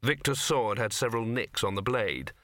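A man's voice: mid-range voice, animated, normal speed, fairly bright tone, dry recording. A man narrating a comic novel as an audiobook reader, read close to the mic. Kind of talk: scripted narration.

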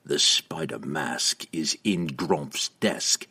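A man voicing a gruff, cold assassin with a clipped manner. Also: rumbling low, slow, sharp tone, pitched below the performer's own voice, full character voice.

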